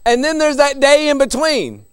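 A man's voice: very high voice, moderate pace, dry recording, clean studio sound. A middle-aged man preaching a sermon in a conversational way, chuckling between his points.

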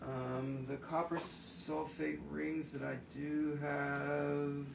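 A man's voice: on the high side, level tone, very slow, gravelly, slight background noise. A man chatting casually on a home livestream while selling gems, rambling, swearing and laughing easily. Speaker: livestream gem seller. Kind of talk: casual live-selling chat.

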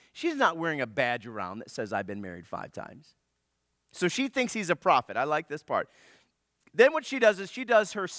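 A man's voice: a little high, a bit bright, no echo, clean studio sound. A man preaching a sermon as pastor, in a joking, conversational manner. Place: church.

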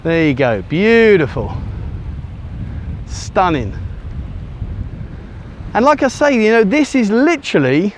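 A man with a high voice and big pitch swings speaks slowly, with long pauses and a little hiss or hum, as he vlogs along a sunny beach. Turning his handheld camera around, he rambles with ums and uhs, somewhat out of breath from the sand.

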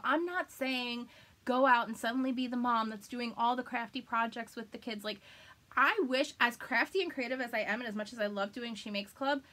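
A woman's voice: on the high side, a bit bright. A woman in her thirties hosting a live crafting video, chatting casually and laughing often. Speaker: crafting livestream host.

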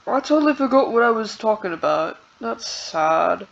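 A woman's voice: a little high, lively intonation, moderate pace, vocal fry, muffled recording. A woman talking casually into her laptop at home, rambling and hesitant and running herself down. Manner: rambling, hesitant, self-deprecating. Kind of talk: casual vlog talk.

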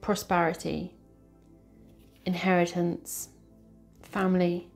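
A woman's voice: on the low side, flat delivery, slow, creaky, faint music behind. A woman doing a tarot card reading, talking in an earnest, emotional way and repeating her phrases. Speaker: tarot reader.

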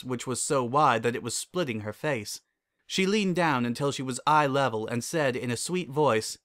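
Guy reading a fan fiction story out loud, even and measured narration. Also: mid-range voice.

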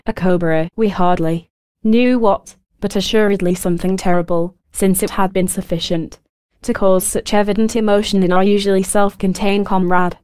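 Woman reading an old book aloud, smooth clear voice, totally dry close mic. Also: mid-range voice, dry recording. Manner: even, formal reading. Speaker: audiobook narrator. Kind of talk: scripted book narration.

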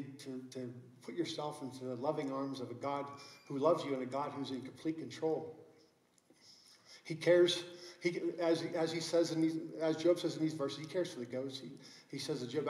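A man's voice: mid-range voice, darkish tone, echoey room, rough recording. A middle-aged man preaching a sermon as pastor, telling a story earnestly with many restarts. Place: church sanctuary.

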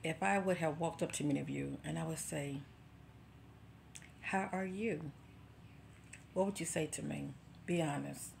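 A woman with a very low, gravelly voice talks straight to her followers in a casual spiritual encouragement vlog. She speaks directly and conversationally with a preacher's cadence, often checking in with the listener as she goes. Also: steady tone, a little fast, hardly any pauses, a little mellow, a little hiss or hum. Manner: direct, conversational, preacher-like, often asks "okay?" and "you know". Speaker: spiritual vlogger.

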